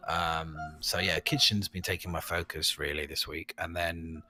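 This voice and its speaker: A man's voice: deep voice, moderate pace. A man telling rambling stories in a casual gaming podcast chat, full of fillers and restarts. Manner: rambling, animated storytelling with frequent fillers. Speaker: podcast host.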